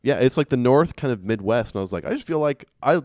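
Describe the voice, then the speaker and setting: A man's voice: medium pitch, animated, fast, darkish tone, no room sound, studio quality. A man co-hosting a podcast in casual chat, talking in a chatty, self-deprecating way with frequent restarts. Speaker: podcast co-host. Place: podcast studio.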